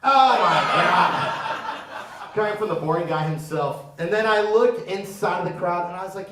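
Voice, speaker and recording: A man in his thirties, originally from Florida, doing a crude stand-up set with crowd work, swinging from mutters to loud shouts. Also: high-pitched, moderate pace. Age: 30s. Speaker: stand-up comedian. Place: comedy theater stage before a live audience. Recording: roomy, far-off mic, crowd noise.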